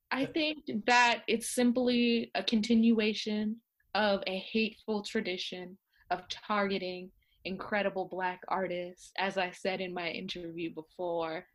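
A woman voicing a grand, self-regarding older actress famed as a sitcom mother, speaking slowly and stately with haughty poise. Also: mid-range voice, fairly even intonation, lightly acted. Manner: slow, stately, haughty speech. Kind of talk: comedic impression.

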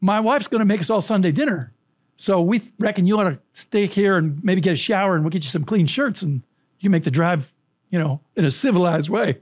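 A man's voice: sits high, brisk. A man voicing a jovial, hospitable small-town mechanic with a folksy, drawling way of talking. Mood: hearty.

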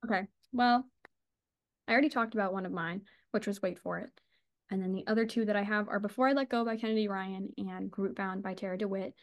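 A woman's voice: mid-range voice, steady tone, brisk. A woman co-hosting a casual book podcast, gushing and chatty, swearing and laughing as she talks. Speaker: podcast co-host.

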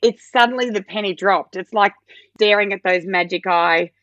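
A woman, mid-pitched, tells lively personal stories in a relaxed interview chat. She lifts her voice sharply higher to act out things she once said. The recording is dry, with slightly muffled highs. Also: normal speed, no echo. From Australia. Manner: animated storytelling, acts out her own quoted lines in a much higher voice. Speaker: podcast guest.

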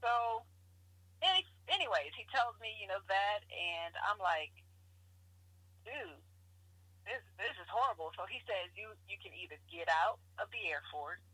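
A woman guest telling her story in a casual interview, animated and often laughing as she acts out what people said. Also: medium pitch, normal speed, no room sound, poor audio.

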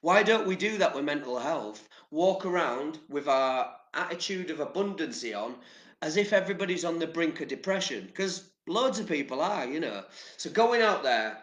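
A man's voice: a little high, animated, normal speed, a bit bright. Chatty English man in a roomy space. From England. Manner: chatty, rambling, swears casually. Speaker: vlogger. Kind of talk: casual motivational talk to camera.

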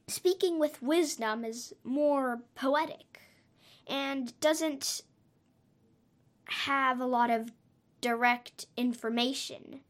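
A woman's voice: high voice, very slow. A woman telling a story for her podcast, rambling and hesitant, often trailing off and correcting herself.

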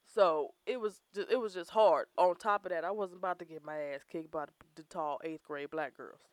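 A woman's voice: lowish voice, moderate pace, no room sound. A young woman tells blunt, profane stories in casual chat, laughing along the way. Her voice is recorded dry and close.

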